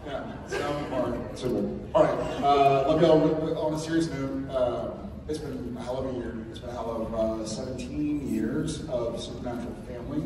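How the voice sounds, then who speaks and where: A man on a convention panel telling dad jokes in a goofy, drawn-out way. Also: medium pitch, fairly even intonation, noisy background. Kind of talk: casual stage banter. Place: large convention hall stage. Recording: echoey hall, distant mic, loud crowd.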